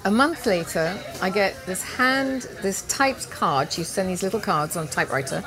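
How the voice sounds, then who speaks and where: A woman cooking teacher telling a lively personal story as an interview guest at an outdoor market event. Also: mid-range voice, moderate pace, few pauses, crowd noise. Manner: animated anecdote-telling with laughs and quoted voices. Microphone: handheld interview mic, live recording.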